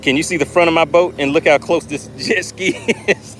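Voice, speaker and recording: A man hosting a live fishing stream from a boat, excitedly talking to his viewers and reading their chat aloud. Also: fairly high pitch, brisk, a little hiss or hum. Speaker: fishing channel host. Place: on a boat on open water. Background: jet skis and outdoor ambience.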